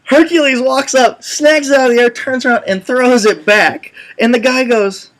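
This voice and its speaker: A man co-hosting a casual web show, telling stories in an animated way and swearing now and then. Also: extremely high pitch, normal speed, few pauses. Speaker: co-host. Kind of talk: casual chat.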